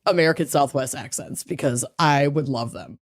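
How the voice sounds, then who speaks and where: A woman's voice: sits low, moderate pace. A woman co-hosting a podcast in casual chat, talkative and self-deprecating, often trailing off and restarting. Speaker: podcast co-host.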